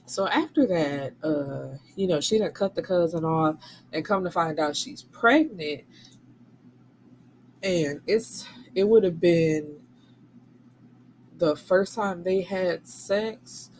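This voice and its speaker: Low-voiced woman giving a blunt book recap. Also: slow pace, long pauses, slight background noise, rough recording. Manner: animated, blunt and profane, slipping into quoted voices. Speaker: book reviewer and channel host.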